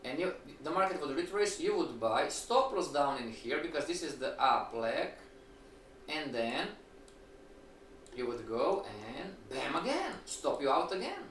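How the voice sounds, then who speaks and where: A man teaching a live-streamed trading lecture, animated, asking rhetorical questions and acting out his students' replies. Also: a little high, a little slow. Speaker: trading instructor. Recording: echoey room, distant mic, faint noise.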